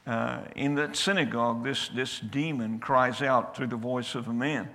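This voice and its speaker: A man's voice: mid-range voice, steady tone, normal speed, bright, forceful tone. An older man preaching a folksy sermon that builds to emphatic declarations in a church. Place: church sanctuary. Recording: reverberant church hall.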